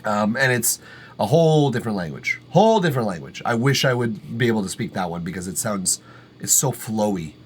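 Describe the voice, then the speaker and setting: A rambling, swearing stream host from Canada. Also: male voice, fairly low pitch, expressive, a little fast, slight background noise. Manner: loose and rambling, swears freely, many fillers, self-amused. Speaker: livestream music review host. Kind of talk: casual livestream chat.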